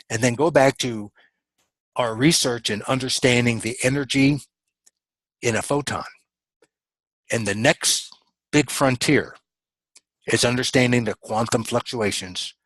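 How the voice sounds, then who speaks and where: A man's voice: mid-range voice, a bit bright, no room sound, low-quality recording. A man giving a motivational coaching talk in a webinar, earnest and emphatic, repeating his key phrases. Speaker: business coach.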